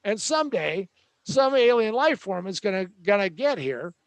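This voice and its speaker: A man's voice: high voice, big pitch swings, moderate pace, vocal fry, no room sound. A man hosting a show, delivering a joking, sarcastic tech rant with a rambling manner. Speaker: host.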